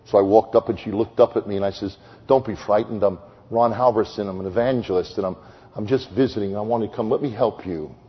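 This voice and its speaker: A man preaching an evangelistic sermon, telling stories with sudden swings from loud high exclamations to hushed slow tones. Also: slightly rough. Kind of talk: sermon with storytelling. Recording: long hall reverb, dull lo-fi sound.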